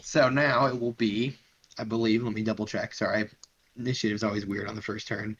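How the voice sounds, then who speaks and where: A man running a tabletop game as dungeon master, narrating with a relaxed, joking manner. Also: fairly low pitch, brisk. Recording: dull lo-fi mic with faint hiss.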